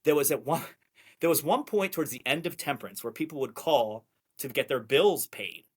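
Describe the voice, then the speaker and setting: A man guesting on a podcast, telling stories in an animated, excitable way and laughing often. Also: a little high, moderate pace, slightly rough. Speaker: podcast guest, clothing brand owner. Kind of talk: casual storytelling chat.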